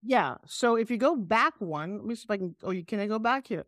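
A middle-aged woman with a New York accent, a guest telling animated stories on a video call. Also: mid-range voice, brisk, dry recording, studio quality. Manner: animated, emphatic storyteller. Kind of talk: casual interview storytelling.

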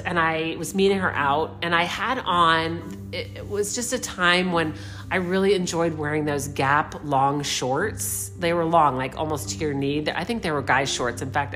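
A middle-aged woman giving a reflective spiritual talk, meandering and unhurried, gently putting questions to the listener. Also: deep voice. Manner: meandering, unhurried, searching for words. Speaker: spiritual speaker.

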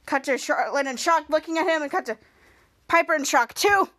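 A woman hosting a podcast recaps a TV episode scene by scene, talking a little fast in a choppy, stop-start way. She jumps louder and higher whenever she acts out the characters' lines.

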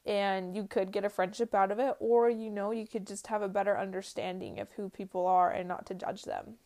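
A woman's voice: mid-range voice, steady tone, fairly quick, mellow. A woman in her early twenties giving an earnest, casual faith-based personal talk, full of "like" fillers. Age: early 20s. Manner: earnest, uses many "like" fillers. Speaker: vlogger.

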